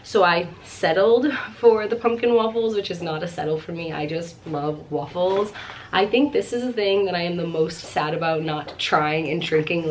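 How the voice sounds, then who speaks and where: A woman's voice: fairly low pitch, a little hiss or hum. A pregnant young woman chatting at home through a casual haul vlog, gushing with lots of fillers and short of breath. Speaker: vlogger.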